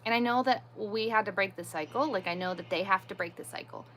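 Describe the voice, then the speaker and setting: Bright-voiced woman venting on a livestream. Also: medium pitch, fast talker, slight background noise. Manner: emphatic, repetitive venting with frequent "like". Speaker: livestream host. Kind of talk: casual livestream chat.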